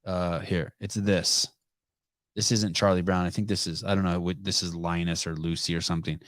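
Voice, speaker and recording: A man's voice: sits low, flat delivery, normal speed, dry recording, clean studio sound. A man hosting a casual call-in podcast, rambling through stories with loose, profane talk and easy laughter. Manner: laughs easily. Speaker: podcast host.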